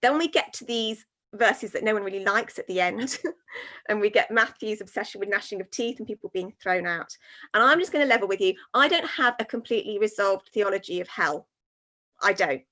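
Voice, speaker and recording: A woman's voice: medium pitch, animated, fairly quick, pushed and bright. A woman minister in a reflective discussion, talking earnestly and from the heart, with many fillers and restarts. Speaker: guest minister.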